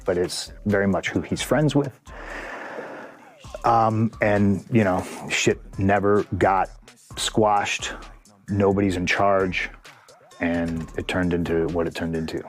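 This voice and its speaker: Man, low voice, blunt, profane, candid interview storytelling, faint music behind. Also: fairly even intonation, takes it slowly, pauses often. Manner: blunt, profane, acts out quoted dialogue. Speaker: pro wrestler interview guest.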